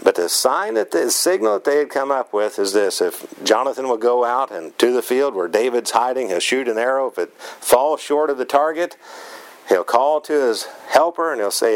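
A man's voice: expressive, normal speed, rough recording. Man preaching an earnest sermon. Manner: earnest, acts out quoted lines with shifts in pitch.

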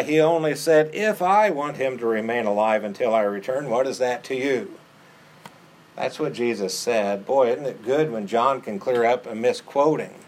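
A man delivers a sermon with a voice of ordinary pitch, neither high nor low. He speaks earnestly and leans on repetition to drive his points home. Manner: earnest, repeats phrases for emphasis. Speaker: preacher.

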